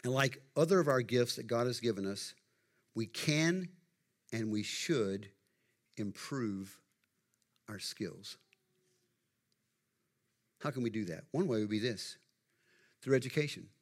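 Folksy middle-aged preacher, conversational sermon. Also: male voice, mid-range voice, animated, measured pace, pauses often. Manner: conversational, folksy, asks the congregation questions. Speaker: pastor.

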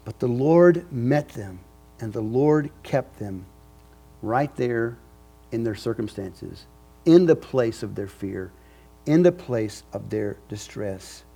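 A man's voice: medium pitch, animated, takes it slowly, vocal fry, warm tone, husky, soft background music. A male pastor preaching a sermon with an emphatic, repetitive cadence.

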